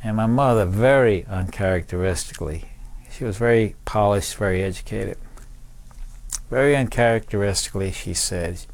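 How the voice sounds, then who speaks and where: An older man, a veteran, telling a personal story in a measured, reflective way. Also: on the low side. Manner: measured, reflective, with small restarts.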